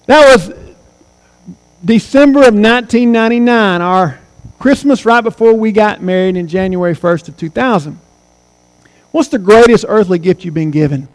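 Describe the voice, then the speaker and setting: A man's voice: high-pitched, moderate pace, in a large hall, poor audio. A man in his forties preaching a sermon as pastor, earnest and emphatic, repeating key phrases. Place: church sanctuary.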